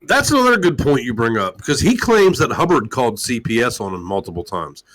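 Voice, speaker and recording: Loud, mocking male rant host. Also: very animated, a little fast, poor audio. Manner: loud, mocking and crude, swinging widely in pitch. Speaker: talk show host. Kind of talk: profane live-stream rant.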